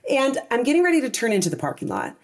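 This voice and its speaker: Animated woman telling lively stories. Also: on the high side, racing. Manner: animated storyteller, acts out quoted dialogue, frequent restarts. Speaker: podcast guest, wellness teacher. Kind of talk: casual interview chat.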